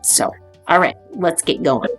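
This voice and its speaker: A woman's voice: on the low side, expressive, a little slow, soft background music. A woman craft vlogger talking through her supplies in easygoing, casual chat full of "um" fillers. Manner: chatty, easygoing, many "um" fillers. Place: home craft studio.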